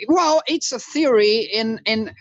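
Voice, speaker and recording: A man from Brazil with a Brazilian Portuguese accent, a guest blacksmith chatting casually over a call, halting as he searches for words in a language that is not his first. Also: very high voice, dry recording. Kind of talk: casual video call chat. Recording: muffled call audio.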